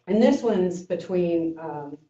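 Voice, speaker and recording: Older woman teacher, halting, in a roomy hall. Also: expressive, dark tone. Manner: halting, many fillers and restarts; acts out story voices with lifted pitch. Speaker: Zen teacher giving a talk. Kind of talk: informal lecture. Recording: echoey room, mic far off, dull sound.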